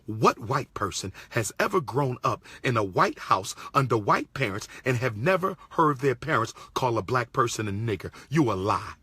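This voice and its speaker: A man's voice: medium pitch, big pitch swings, moderate pace, few pauses, bright, forceful tone, slightly rough, no echo. A man from Pennsylvania giving an indignant commentary, repeating his points and firing off rhetorical questions. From Pennsylvania, USA. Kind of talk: impassioned monologue.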